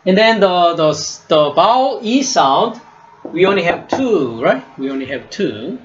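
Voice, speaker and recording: A man teaching a class, speaking slowly, repeating each word and checking "right?" with his students. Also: high voice, very animated, dull audio. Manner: slow, repeats words and asks "right?" often. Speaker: Hebrew teacher. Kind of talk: classroom lesson.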